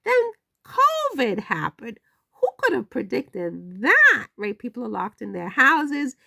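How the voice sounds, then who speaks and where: A woman hosting a commentary channel, delivering a sarcastic, animated monologue and repeating words for effect. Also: on the high side, takes it slowly, vocal fry, no echo.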